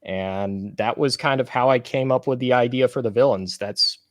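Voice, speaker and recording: A man's voice: mid-range voice, normal speed, no room sound, studio quality. A man being interviewed as an author, explaining his ideas thoughtfully and at length. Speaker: guest author. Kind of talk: casual interview talk.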